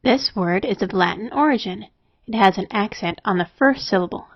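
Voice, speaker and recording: A woman narrating a scripted spelling lesson, explaining rules in a steady, methodical way. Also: medium pitch, fairly quick, breathy edge, dry recording. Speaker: spelling teacher. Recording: dry, dull lo-fi voice-over.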